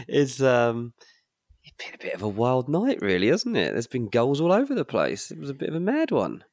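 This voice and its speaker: A man co-hosting a football podcast, telling stories in a chatty, animated way and talking quietly late at night. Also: mid-range voice, moderate pace, dry recording, studio quality. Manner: chatty, animated storytelling, says mate. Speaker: podcast co-host, transfer pundit. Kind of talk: casual football chat. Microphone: home mic late at night, talking quietly.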